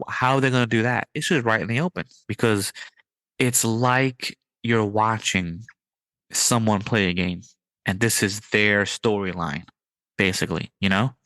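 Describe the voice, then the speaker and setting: Low-voiced, excitable man on a podcast. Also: no echo. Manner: excited and riffing, jumps pitch on punchlines. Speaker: podcast host. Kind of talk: casual podcast chat.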